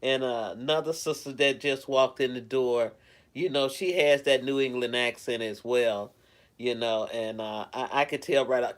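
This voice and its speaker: A man chats with his viewers on a live stream from home, talking in a loose, rambling way. He greets people by name and sounds caring toward them. His voice sits at an ordinary middle pitch. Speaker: live streamer reading chat. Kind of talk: casual live-stream chat.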